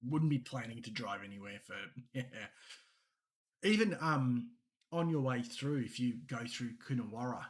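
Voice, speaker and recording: With an expressive, mid-range voice at a moderate pace, an Australian-accented man co-hosts a casual podcast. He tells meandering stories and laughs often along the way.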